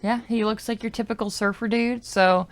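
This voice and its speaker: A woman in her own space talking through her game for viewers, with a middling voice and a gravelly edge. She rambles freely, fills gaps with likes and I don't knows, and slips into quiet asides close to her desk microphone. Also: medium pitch, fairly even intonation, moderate pace. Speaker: gaming YouTuber. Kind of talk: casual gameplay commentary.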